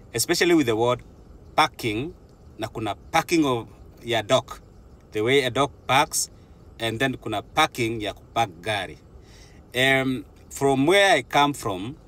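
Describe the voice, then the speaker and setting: A man's voice: mid-range voice, fairly bright tone. A young Kenyan man with a Kenyan accent, talking casually to his viewers and mixing English with Swahili as he goes. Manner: mixes English with Swahili, chatty and laughing. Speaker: vlogger. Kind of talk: casual talk to camera.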